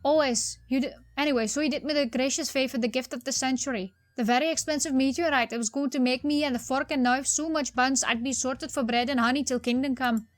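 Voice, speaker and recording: A woman's voice: high voice, fairly even intonation, quick pace, hardly any pauses, no echo, natural voice. A woman doing a weepy Cockney constable. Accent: Cockney, put on. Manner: weepy, melodramatic, rhyming slang. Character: bumbling male Cockney police constable.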